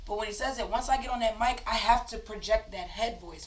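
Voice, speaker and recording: A woman singer chatting as a guest in a recording studio, animated and quick to jump in with a laugh. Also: medium pitch, recorded from a distance, slight background noise, low-quality recording. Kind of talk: casual chat.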